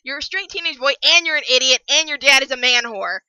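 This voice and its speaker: A young woman giving a ranting book review, animated and prone to bursts of yelling. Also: high-pitched, fast, dry recording, low-quality recording.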